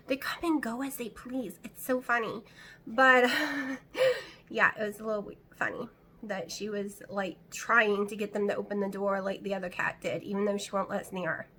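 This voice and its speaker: A woman's voice: medium pitch, normal speed, sharp tone, a little hiss or hum. A middle-aged woman vlogging from home, talking in a rambling, anxious, chatty way. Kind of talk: casual chat to camera. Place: at home, indoors.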